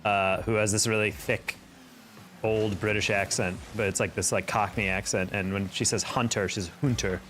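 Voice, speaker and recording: A man's voice: fairly low pitch, level tone, normal speed, fairly bright tone, a little hiss or hum. A young man live-streaming a game, chatting casually, reacting to plays and answering his chat. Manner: chatty, reacts to gameplay and reads chat aloud.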